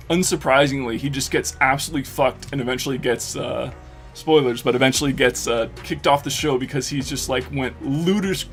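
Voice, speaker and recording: A man streaming live and chatting casually while he plays a game, rambling excitedly with lots of swearing and fillers. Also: on the high side.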